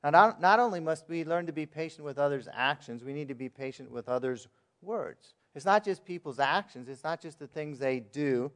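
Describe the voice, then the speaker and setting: A man's voice: on the high side, expressive, normal speed, fairly bright tone. A man preaching a sermon in a plain, conversational way, asking his listeners questions and reading verses aloud. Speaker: pastor.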